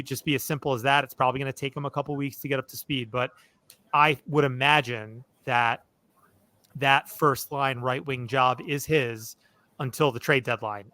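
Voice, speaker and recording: A man hosting a sports podcast, talking things through in an easygoing, unscripted way. His voice is bright and forceful. The sound is dry and close, with no room in it. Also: mid-range voice, dry recording. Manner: loose and conversational, leaning on fillers like "look" and "you know". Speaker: podcast host. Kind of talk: casual sports podcast chat.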